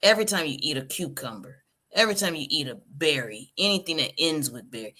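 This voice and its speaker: A woman's voice: deep voice, expressive, fast, pushed and bright. A woman guest on a casual livestream chat, wry and blunt, lecturing a little.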